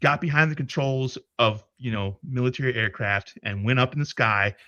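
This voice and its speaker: A man's voice: medium pitch, normal speed, no room sound, highs cut off. A man telling a story in a casual livestream chat, cursing freely and restarting his sentences as he goes. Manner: profane, animated retelling with many restarts. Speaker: podcast co-host.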